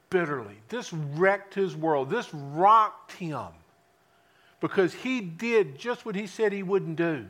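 A preacher with a notably high voice delivers a sermon, repeatedly putting rhetorical questions to the congregation. He swings dramatically between loud and hushed, letting his voice drop before rising again on the key points.

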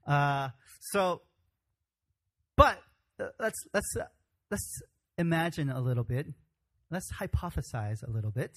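A man's voice: fairly high pitch, sing-song, a little slow, pauses often, a bit bright. A man preaching a sermon in an informal, conversational way with frequent restarts. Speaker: pastor.

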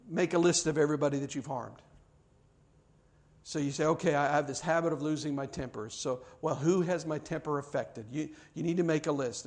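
A man's voice: on the high side, a little mellow. A male pastor preaching a sermon, telling a story and acting out quoted voices with frequent repeated words.

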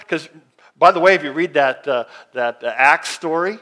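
A man preaching a sermon as pastor, reading scripture slowly and swinging from loud emphatic lines to hushed ones. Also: on the high side.

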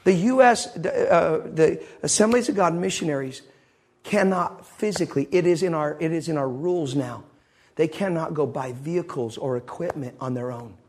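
Husky-voiced, high-pitched man preaching. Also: moderate pace, darkish tone. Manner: impassioned storytelling. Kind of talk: sermon.

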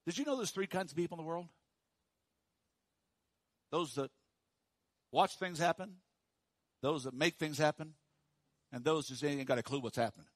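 A pastor preaching a sermon to his congregation, dropping to hushed, slow emphasis and rising to loud, high calls for the room to repeat after him. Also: dry recording. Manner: swings from hushed low emphasis to loud high call-and-response.

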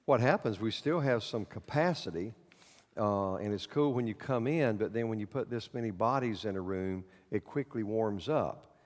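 A male pastor preaching a sermon to his congregation in a church, in a folksy, halting way with many fillers. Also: fairly low pitch, big-room sound. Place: church sanctuary.

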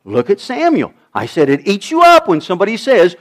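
A middle-aged man preaches with an animated delivery. His voice sits high and swings widely, climbing for emphasis and sinking low to drive a point home. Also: a little fast. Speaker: pastor. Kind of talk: sermon.

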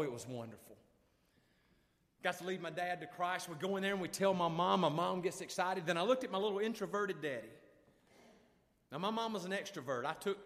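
A male revival preacher, telling a story with emotion and swinging from loud to hushed. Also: on the high side, long reverb tail. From Alabama. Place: church sanctuary.

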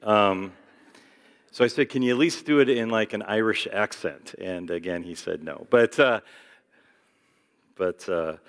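A man's voice: fairly low pitch, unhurried, long pauses, big-room sound. A male pastor giving a casual sermon with joking asides and frequent fillers, in a church sanctuary.

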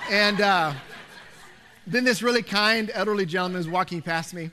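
A middle-aged man preaching a sermon, telling a personal story in an animated way, going from loud to hushed. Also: high-pitched, moderate pace, slight background noise. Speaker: pastor.

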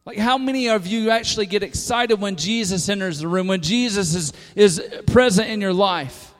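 A man preaching a sermon to a congregation, moving from hushed lines to loud, emphatic calls. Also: sits high, moderate pace. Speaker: pastor. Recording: long hall reverb.

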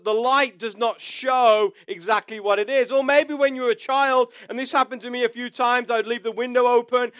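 Male pastor, bright high voice, clean dry sound, chatty storytelling sermon. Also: smooth, no echo. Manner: conversational storytelling with asides.

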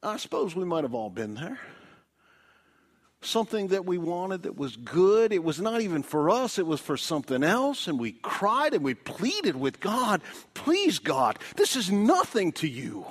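A middle-aged male pastor preaching a sermon, swinging from loud cries to hushed whispers. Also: sits high, very animated, moderate pace.

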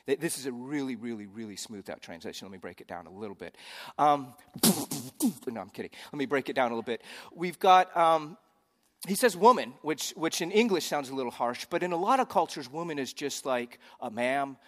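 A man's voice: medium pitch, animated, brisk. Brief: male pastor, conversational sermon with jokes, hall reverb. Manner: conversational, joking asides.

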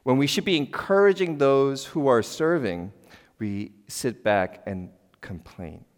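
A middle-aged man preaching a sermon as a pastor in a church. He is conversational and emphatic, asks the congregation questions and breaks into sudden loud exclamations. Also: on the low side. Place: church sanctuary. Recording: long church hall reverb.

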